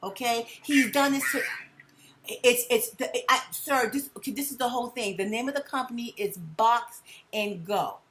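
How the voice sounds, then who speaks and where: Insistent woman with a bright voice. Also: on the high side, moderate pace, a little hiss or hum. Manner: insistent, repeats words, keeps saying sir. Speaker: caller reporting a crime. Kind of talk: heated phone call.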